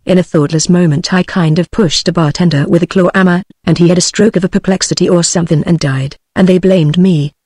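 A woman's voice: fairly low pitch, no room sound, studio quality. Synthetic British woman reading a book. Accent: British English. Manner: even, machine-read delivery. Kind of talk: text-to-speech audiobook narration.

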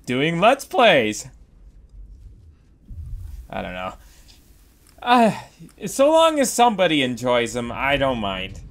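A Let's Play gamer with a medium-pitched, fairly bright voice gives casual commentary over his own playthrough. He's goofy and rambling, exclaiming at whatever happens on screen.

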